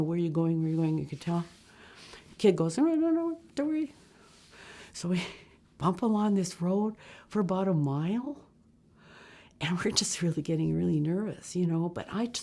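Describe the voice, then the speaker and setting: Storyteller: woman with a low voice, lively and animated, plays out the other voices. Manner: lively, acts out voices, laughs often. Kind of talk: personal travel story.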